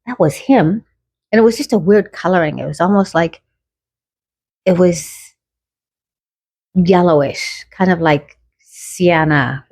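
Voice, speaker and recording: A middle-aged woman telling a personal story in a casual, animated way and acting out the quoted dialogue. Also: fairly low pitch.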